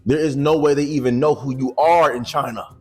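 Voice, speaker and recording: A man talks straight to camera in loose, slang-filled vlog commentary, tossing in cocky jokes about himself. His voice has a husky grain and sits at an ordinary middle pitch. Soft music plays underneath. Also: fairly even intonation, a little fast. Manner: slangy, joking, boastful asides. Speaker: YouTuber commentator.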